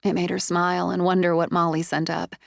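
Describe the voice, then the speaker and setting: A woman narrating a suspense audiobook in a measured, expressive way, close to a studio mic. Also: lowish voice, vocal fry, no echo. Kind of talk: scripted narration.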